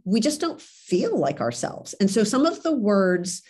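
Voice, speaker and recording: A woman's voice: medium pitch, very animated, unhurried, a little mellow. A woman doctor interviewed as a guest on a podcast, speaking earnestly and conversationally. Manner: earnest, conversational, fond of "like" and "right".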